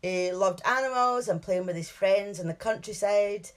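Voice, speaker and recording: A woman's voice: medium pitch, moderate pace. A woman co-hosting a podcast, chatting casually and narrating a case, laughing often and hedging over details. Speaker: true crime podcast co-host.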